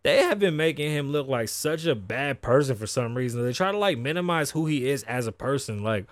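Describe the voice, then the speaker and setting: A man's voice: on the high side, animated, brisk, no echo. Profane, rambling male podcast host. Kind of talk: casual news commentary.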